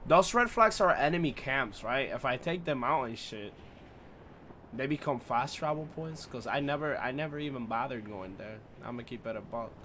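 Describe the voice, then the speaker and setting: A young man streaming a shooter game live, swearing and trash-talking through casual commentary with sudden loud outbursts. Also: mid-range voice, expressive, moderate pace, slight background noise. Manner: profane, loud, reacts with outbursts and trash talk. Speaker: gaming streamer.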